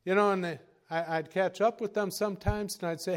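A man preaching a sermon as pastor, telling folksy stories with chuckles and moving from quiet asides to raised exhortation. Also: high voice, steady tone, a little fast.

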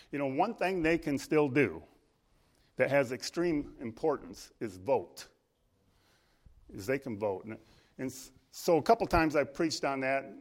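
Earnest male preacher, emphatic and halting. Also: medium pitch. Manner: earnest, rising emphatic on key phrases; halting, repeats words and restarts. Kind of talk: sermon with opening prayer. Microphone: live-streamed church service.

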